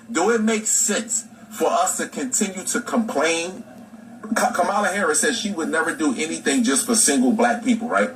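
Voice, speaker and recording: A man's voice: on the high side, fairly bright tone, low-quality recording. A man delivering an impassioned, profane monologue to his audience, firing off rhetorical questions with heavy emphasis. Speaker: social media commentator.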